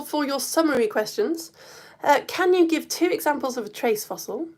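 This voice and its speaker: A woman physics teacher giving an online science lesson, talking in a chatty, enthusiastic way. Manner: chatty and enthusiastic, lively swings in pitch.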